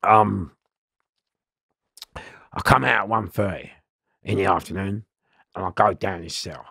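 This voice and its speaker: Gravelly man spinning slangy yarns. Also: deep voice, a little slow, bright, forceful tone, no room sound, clean studio sound. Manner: rambling, slangy, laughs and swears often. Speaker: guest telling prison stories. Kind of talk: casual storytelling interview.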